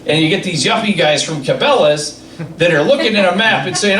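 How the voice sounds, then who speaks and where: A man's voice: sits high, a little fast, a bit bright, a little hiss or hum. Man cracking jokes in an echoey club. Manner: loose, chuckling delivery, laughing at his own jokes. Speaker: stand-up comedian. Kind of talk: stand-up comedy set. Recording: echoey club from a distant mic.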